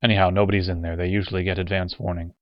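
A man's voice: sits low, flat delivery, very fast, no room sound, highs cut off, lightly acted. A man doing a cold, sardonic outsider. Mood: grim. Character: bitter, sardonic off-world man.

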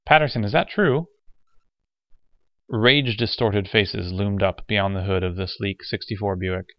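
A male narrator with a low voice reads the story in steady, measured scripted narration. The recording is dull with a narrow band and dry with no room sound. Every line comes out even and deliberate. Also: smooth, dry recording. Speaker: audiobook narrator.

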